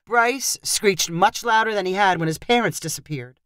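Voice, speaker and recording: A woman reading a humorous short story aloud in scripted narration with expressive storytelling. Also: medium pitch, moderate pace. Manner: expressive storytelling, lively intonation.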